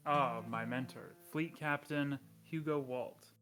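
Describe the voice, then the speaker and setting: A man playing in a tabletop game, chatting in a joking, animated way. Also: medium pitch, takes it slowly, soft background music. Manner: joking, animated, laughs often. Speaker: player. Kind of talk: casual tabletop game chat.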